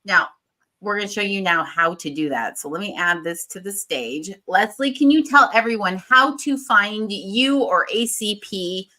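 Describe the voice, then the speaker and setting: A woman's voice: medium pitch, lively intonation, moderate pace, bright, forceful tone, low-quality recording. Enthusiastic woman hosting a livestream. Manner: enthusiastic and gushing. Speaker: livestream host. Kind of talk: livestream interview.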